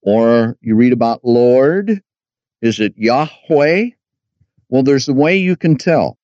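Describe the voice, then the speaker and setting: A man teaching a Bible study lesson, speaking deliberately and spelling words out letter by letter. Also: medium pitch, expressive, warm tone, no room sound, highs cut off.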